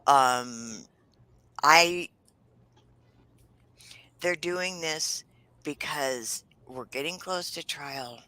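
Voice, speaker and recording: A woman's voice: sits low, extremely slow, long pauses, bright, forceful tone, low-quality recording. A woman co-hosting a casual livestream, reading out news updates and adding wry comments.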